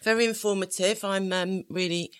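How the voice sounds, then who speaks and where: A man co-hosting a podcast, chatting casually and joking, quick to laugh. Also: sits high, steady tone, fairly bright tone, smooth. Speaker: podcast co-host, guesthouse owner. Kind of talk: casual chat.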